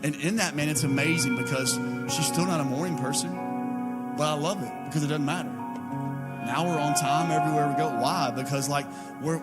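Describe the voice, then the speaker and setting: A man in his thirties with a Southern US accent, preaching a casual, conversational sermon full of "like" and "man.". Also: fairly high pitch. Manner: conversational, with many filler likes and mans. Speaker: pastor. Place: church auditorium. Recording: live church broadcast with music behind. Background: music.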